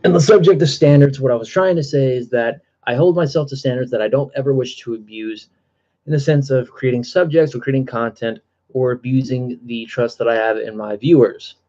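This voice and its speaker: A man's voice: medium pitch, a little fast, dark tone, dull audio. A man talking casually on his live stream, out of breath, earnest and rambling with many fillers and restarts.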